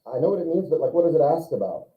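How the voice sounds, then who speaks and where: A man's voice: fairly high pitch, lively intonation, racing. A male teacher giving a classroom lecture, talking casually and asking his students questions. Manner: conversational, asks the class questions. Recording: echoey, distant, muffled classroom recording.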